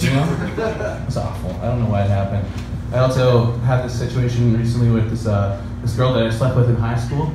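Canadian comic on a distant echoey stage. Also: male voice, mid-range voice, animated. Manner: self-deprecating, halting restarts. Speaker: stand-up comedian. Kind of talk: stand-up set. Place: comedy club stage. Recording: echoey room from far off with loud background noise.

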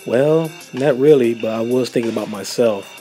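A man voicing an eager young male turtle inventor in a homemade stop-motion film, quick to panic and shout. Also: mid-range voice, soft background music, lightly acted.

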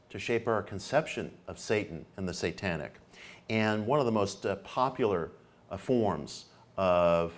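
Earnest male lecturer, low voice. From New York, United States. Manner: earnest, repeats key phrases for emphasis; occasional hesitant fillers. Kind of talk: public lecture.

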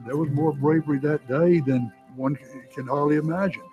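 A man's voice: a little high, moderate pace, dark tone, dull audio, soft background music. A man speaking reflectively in a documentary interview.

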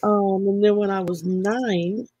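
A woman's voice: medium pitch, steady tone, takes it slowly, mellow, no echo, muffled recording. A middle-aged woman from Texas, hosting an interview and telling personal stories in a chatty way, often laughing as she talks. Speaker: podcast host. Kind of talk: casual interview storytelling.

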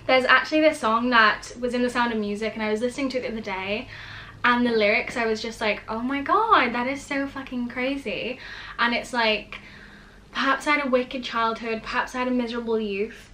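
Young woman, vlogger, rambling gushy chat, bright tense tone, higher pitch. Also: slight background noise. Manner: gushing, rambling, lots of "like" and word searches. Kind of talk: casual chat to camera.

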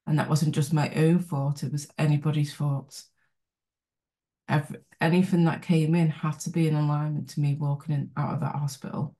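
Woman hosting a book club, mellow flat delivery, asks the group questions to encourage them. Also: sits low, moderate pace. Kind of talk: motivational talk.

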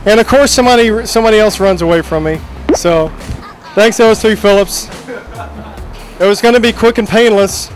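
A man with a notably high voice roams around asking quick questions. He is jokey and teasing, with light music playing underneath. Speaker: shipboard interviewer. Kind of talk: roving vox-pop interviews.

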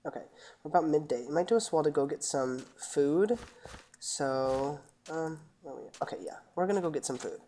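Low-voiced chatty woman gaming. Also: fairly quick, mellow. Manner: chatty, rambling, talks to viewers. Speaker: gaming channel host. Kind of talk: casual gameplay commentary.

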